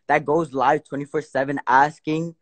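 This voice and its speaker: A man's voice: fairly high pitch, steady tone, moderate pace, a bit bright. A young man on a live stream, confronting another man in a heated argument and repeatedly demanding that he listen. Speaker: livestreamer confronting a caller.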